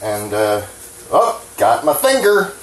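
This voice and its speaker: A New Jersey man with a mid-range voice and wildly swooping pitch talks slowly as he cooks at home for his vlog, rambling, swearing freely and poking fun at himself while his hands shake a little. The kitchen is echoey, with faint clatter and slight background noise.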